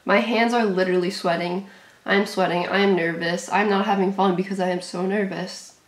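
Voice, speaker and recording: A woman's voice: medium pitch, fairly even intonation, normal speed. A young woman reacting to a football game as a fan, narrating each snap in short, clipped lines with nervous energy. Her voice sits in an ordinary middle range for a woman. It rings with a hollow echo off the room. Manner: nervous play-by-play, shrieking at big plays; calls plays in short clipped sentences. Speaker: sports fan commentator. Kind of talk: live game reaction commentary.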